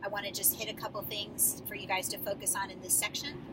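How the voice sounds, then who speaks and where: A woman giving a drama coach's feedback to her student actors, patient and explanatory, often pausing on fillers as she works through a script. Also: mid-range voice, little pitch movement, distant mic, very noisy. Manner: encouraging, explanatory, with many fillers.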